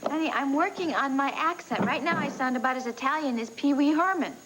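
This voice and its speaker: A woman plays an anxious young wife on a 1980s TV soap, doubting herself and seeking reassurance. Her voice sits high, with light hiss. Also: a little fast, lightly acted. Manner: nervous, self-doubting.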